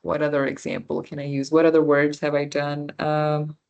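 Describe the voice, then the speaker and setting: A woman's voice: low-pitched, flat delivery, moderate pace, darkish tone. A young woman teaching a beginner class, explaining patiently and checking that her students understand. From Punjabi background. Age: young adult. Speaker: French workshop instructor.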